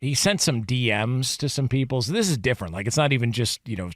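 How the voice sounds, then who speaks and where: A man co-hosting a casual sports talk radio show, animated and emphatic as he reads quotes aloud. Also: mid-range voice, fast talker, dry recording, studio quality.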